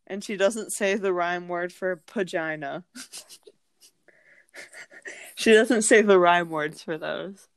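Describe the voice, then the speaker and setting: A woman co-hosting a podcast who tells family stories in a casual, animated way, full of "like", and often acts out the other people's voices. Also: fairly low pitch, slow, pauses often, clean tone, no room sound. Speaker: podcast co-host. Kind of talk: casual storytelling chat.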